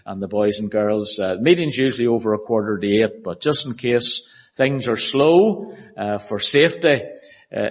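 A man leading a church service as minister, reading scripture in a measured, emphatic way and then giving the notices. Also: mid-range voice. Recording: echoey hall, dull lo-fi sound.

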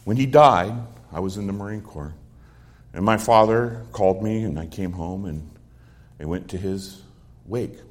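The voice sits low and moves a little slowly: a middle-aged man preaching on a psalm, verse by verse. He tells his own life stories in an earnest way, quoting what people said.

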